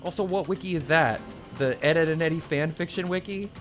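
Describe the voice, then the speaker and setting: A let's play streamer talks over his video game in a slightly high, slightly fast voice, rambling casually. He gets sarcastic and swears when annoyed, with faint game music in the background.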